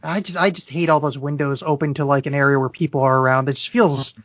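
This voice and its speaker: A man's voice: mid-range voice, steady tone, quick pace, a bit bright, no room sound, highs cut off. A middle-aged man co-hosting a podcast, casually recapping a movie plot with wry, self-deprecating humor. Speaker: podcast co-host. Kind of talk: casual movie review chat.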